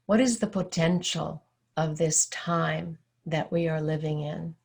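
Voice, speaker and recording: A woman spiritual teacher delivers a sermon in an unhurried, measured way. Her voice sits low and carries a gravelly edge. She tells her story calmly, like someone at ease with it. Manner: calm storytelling.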